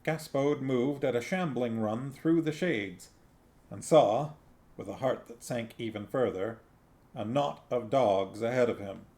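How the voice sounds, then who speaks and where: A man reading a novel aloud on a stream, narrating slowly. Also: medium pitch, darkish tone. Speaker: reader on a stream.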